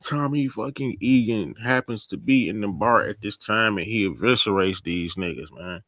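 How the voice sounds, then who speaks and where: A man giving a casual, slang-heavy TV episode recap, telling the story in an animated way. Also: fairly low pitch, moderate pace, no room sound. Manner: animated storytelling, acting out characters, laughing. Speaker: TV recap host.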